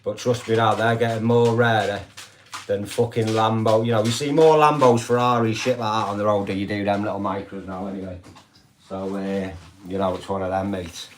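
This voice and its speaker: A man's voice: on the low side, level tone, a little fast, slight background noise. Sweary older man rambling on a stream. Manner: rambling, heavy swearing, constant "do you know what I mean". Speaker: live streamer. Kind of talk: casual live-stream chat.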